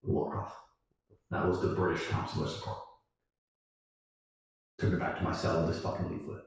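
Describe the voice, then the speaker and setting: A man telling a story in casual chat, profane and animated, acting out other people's lines. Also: low-pitched, normal speed, gravelly. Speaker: guest storyteller. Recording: echoey room, distant mic.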